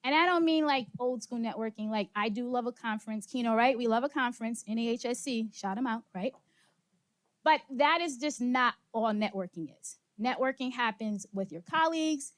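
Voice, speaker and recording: A lively woman leads a workshop session, pitched a touch high, drawing the room in with questions and quick laughs. She sounds slightly out of breath as she moves through the audience. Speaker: speaker leading a workshop session. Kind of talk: interactive motivational talk. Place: conference room with live audience.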